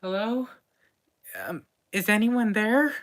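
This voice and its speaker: A woman's voice: medium pitch, slow, a bit bright, pitched above the performer's own voice. A woman voicing a cautious female adventurer in a tabletop game, calling out hesitantly. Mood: uncertain. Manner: hesitant, uncertain calls. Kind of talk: tabletop game role-play.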